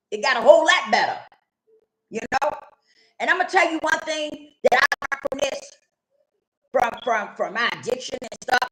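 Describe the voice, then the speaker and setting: A woman's voice: high-pitched, a bit bright, a little hiss or hum. A middle-aged woman telling her own story candidly and bluntly, repeating phrases for emphasis and swearing casually. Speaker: vlogger sharing her recovery story. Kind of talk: candid personal testimony. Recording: echoey room.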